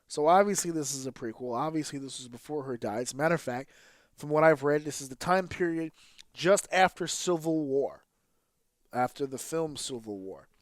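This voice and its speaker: A man's voice: on the high side, expressive, normal speed, dry recording, studio quality. A man hosting his own podcast, giving casual solo commentary in a candid, casually profane way with fillers and restarts. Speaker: podcast host.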